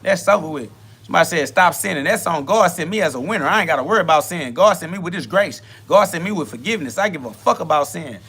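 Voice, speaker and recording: A man's voice: a little high, expressive, fast talker, fairly bright tone, slightly rough. Combative, taunting man ranting. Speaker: podcast host. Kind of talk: profane self-talk rant.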